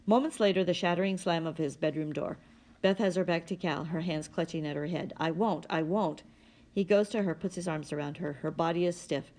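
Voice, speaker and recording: A woman reading a novel aloud in a steady, plain manner. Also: on the low side, fairly quick. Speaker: audiobook reader.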